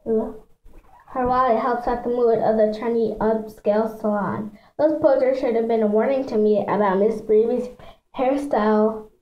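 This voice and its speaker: A woman's voice: fairly high pitch, fairly even intonation, unhurried, echoey room, muffled recording. A woman reading a children's book aloud in a chatty way, stumbling over words and adding asides for her listeners. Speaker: reader.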